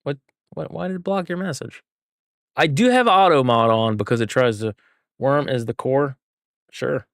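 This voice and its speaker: A man's voice: medium pitch, moderate pace, creaky, pauses often, no room sound, studio quality. A man streaming a game, chatting with viewers and thinking aloud as he works through a puzzle. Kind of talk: casual live gameplay chat.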